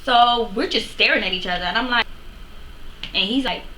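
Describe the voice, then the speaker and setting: A woman vlogger chatting to her camera, retelling a story in a lively, casual way with plenty of fillers. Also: fairly high pitch, normal speed. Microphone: camera mic. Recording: echoey room, faint background noise.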